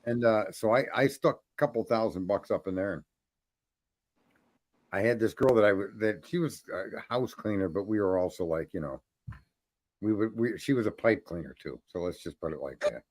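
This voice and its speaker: A man's voice: fairly low pitch, normal speed, darkish tone, dry recording. Profane man telling rambling stories. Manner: profane, rambling anecdotes with laughter. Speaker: host. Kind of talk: crude casual podcast storytelling.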